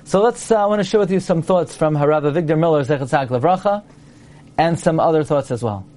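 A man's voice: on the high side, fast talker, a little mellow. A man teaching a class on prayer and grammar, playful and quizzing, sounding out examples as he explains. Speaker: Torah teacher. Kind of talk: lecture to a class.

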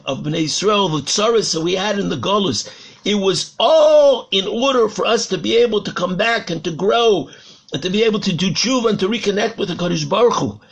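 Gravelly high-voiced rabbi preaching. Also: male voice. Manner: dramatic storytelling, repeating words for emphasis. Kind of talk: Torah sermon.

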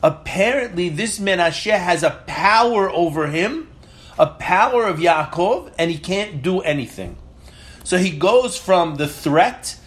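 A man's voice: high voice, lively intonation, unhurried. A man giving a Torah class lecture, reading Hebrew verses aloud and explaining them in English, retelling the commentary dramatically and asking pointed questions. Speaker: Torah teacher.

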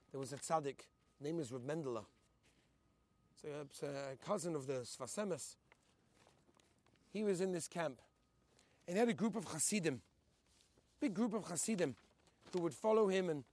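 A man telling a solemn religious story, peppering his English with Hebrew and Yiddish words, rising to loud fervor and sinking to hushed tones. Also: dry recording. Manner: builds to high, loud intensity, then drops to hushed, solemn tones. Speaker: storyteller on a group heritage trip. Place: on location at a memorial site.

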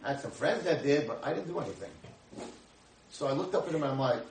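Rabbi in his 60s cracking jokes thru his stories, lively up and down voice, echoey room, sounds far from the mic. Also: a little high, quick pace, creaky, a little hiss or hum. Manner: animated, jokey storyteller acting out dialogue. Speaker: rabbi and speaker. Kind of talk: humorous storytelling lecture.

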